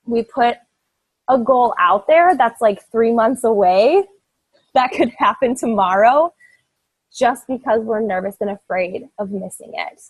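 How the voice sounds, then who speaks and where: Earnest husky young woman coach. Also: on the high side, animated, unhurried, dry recording, low-quality recording. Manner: earnest, emphatic, rambling with many "like"s. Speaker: fitness team coach. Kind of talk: motivational talk to her team.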